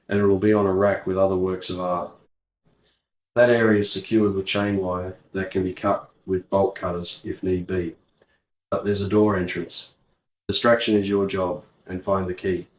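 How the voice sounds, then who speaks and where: A man's voice: deep voice, flat delivery, normal speed, close to an everyday voice. A man voicing a brash male crew leader in an audiobook, blunt and bossy. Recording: roomy, distant mic.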